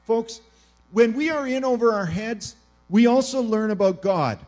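A middle-aged man from Canada preaches a sermon in a fairly high voice. His delivery is animated, pushing some lines out loudly and dropping others to a near hush. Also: measured pace. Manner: animated preaching, swings between loud emphasis and hushed quiet. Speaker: pastor.

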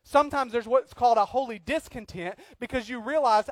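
A man preaching a sermon as pastor, swinging from loud acted outbursts to quiet earnest talk. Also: extremely high pitch, brisk, few pauses, no room sound.

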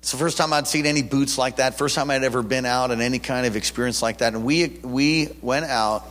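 A man's voice: mid-range voice, steady tone, fairly quick, fairly bright tone. A man preaching a sermon with personal testimony. His conversational storytelling swells into fervent preaching. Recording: long reverb of a large hall.

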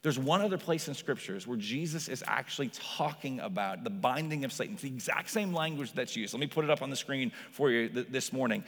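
A man preaching a sermon as pastor, in a conversational style full of "like", acting out quoted voices with lively shifts. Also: medium pitch, a little fast, few pauses. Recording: long hall reverb.

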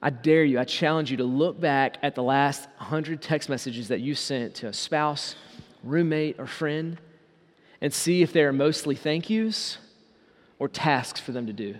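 A man with a fairly high voice delivers a sermon as pastor. He presses his listeners with rhetorical questions and slows down to stress his points. His voice rings out with a long reverb, as in a large church hall. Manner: preaching with many rhetorical questions, slowing down for emphasis.

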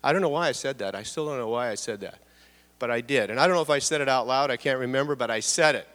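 Earnest middle-aged man in a reverberant hall. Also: a bit bright. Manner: earnest, halting, repeats words, voice drops low at times. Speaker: church speaker sharing testimony. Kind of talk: personal testimony in church. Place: church hall.

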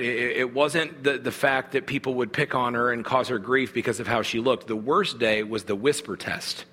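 Preaching to his congregation, a pastor speaks earnestly and conversationally, often looping back with small restarts. His bright, forceful voice sits at a middle pitch for a man, and a long hall reverb trails it.

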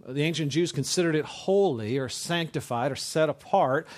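A man's voice: fairly high pitch, moderate pace. Casual, conversational male preacher. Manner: conversational, many restarts and "right?" asides. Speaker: pastor. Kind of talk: sermon.

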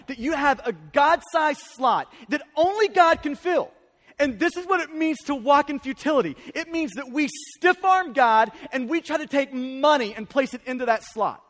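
A man's voice: very high-pitched, brisk, few pauses, fairly bright tone. A male pastor preaching a sermon with emphatic, urgent delivery and repeated phrases. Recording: long hall reverb.

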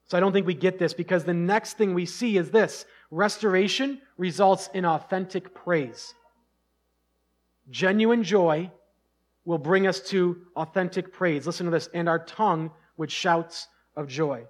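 A man's voice: high-pitched, a little slow. A middle-aged man preaching a sermon as pastor, earnest and conversational, with bursts of emphasis.

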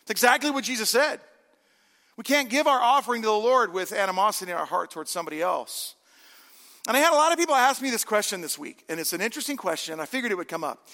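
A man's voice: high voice, expressive, fast talker, pushed and bright, in a large hall. A man in his forties, a pastor preaching a sermon in a church in a conversational way, with self-deprecating humor. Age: 40s. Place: church sanctuary.

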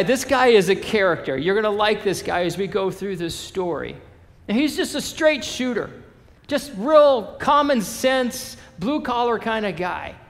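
A male pastor preaching a sermon in a casual, animated storytelling manner. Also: high voice, vocal fry, big-room sound.

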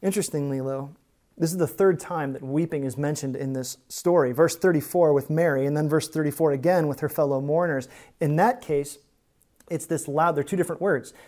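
Man, pastor, sermon, earnest, conversational, hushed to emphatic. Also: a little high, brisk. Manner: conversational asides to the congregation.

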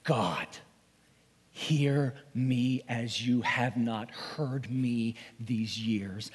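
A male pastor delivering a dramatic first-person sermon monologue, emotional and swinging from pleading to hushed whispers. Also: medium pitch, drawn-out words, husky. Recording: long reverb of a large hall.

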